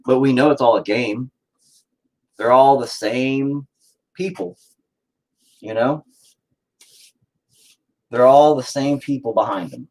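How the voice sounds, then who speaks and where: A man's voice: medium pitch, takes it slowly, long pauses, darkish tone, rough recording. A man chatting casually and profanely while painting on a livestream, rambling and joking. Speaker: streamer painting on camera.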